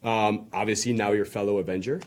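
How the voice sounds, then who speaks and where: A man's voice: on the low side, fairly even intonation, a little fast. A man interviewing a guest in casual chat, his phrasing loose and full of fillers and repeats.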